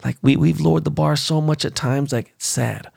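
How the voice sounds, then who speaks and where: A man's voice: on the high side, normal speed, gravelly, a little mellow, no echo, studio quality. A man hosting a podcast, ranting bluntly and profanely about sports and his life. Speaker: podcast host. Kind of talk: casual rant.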